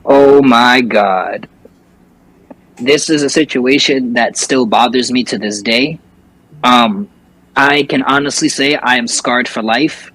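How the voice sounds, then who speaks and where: A man's voice: mid-range voice, slow, a bit bright, low-quality recording. A young man, a guest on an interview show, telling a personal story casually with lots of fillers and restarts. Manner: rambling, many fillers and restarts. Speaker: interview guest, recording artist and streamer.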